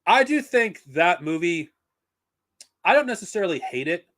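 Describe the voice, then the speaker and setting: A man's voice: sits high, very animated, normal speed, a bit bright. A man talking casually on a live stream, blunt and profane, rambling with frequent restarts. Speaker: streamer reviewing comics and films.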